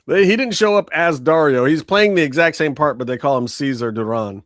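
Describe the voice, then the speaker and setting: High-voiced man in casual banter. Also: fairly bright tone, no room sound. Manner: profane, laughing, does mocking voices of others. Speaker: podcast co-host. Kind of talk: casual chat.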